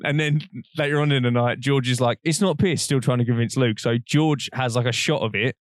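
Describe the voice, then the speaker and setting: A young man spins a loose, laughing anecdote on a casual podcast. His voice sits at a middling pitch and is recorded close and dry, with no room around it. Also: a little fast, dry recording. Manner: rambling, animated anecdotes with frequent laughter. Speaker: podcast co-host. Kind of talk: casual storytelling chat.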